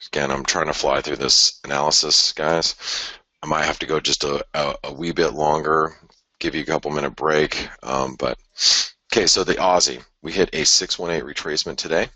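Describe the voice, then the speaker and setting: A man's voice: rumbling low, fairly even intonation, normal speed, bright, forceful tone, no room sound. A man hosting a live forex chart analysis, thinking aloud in a conversational way with sighs and restarts. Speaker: forex market analyst host.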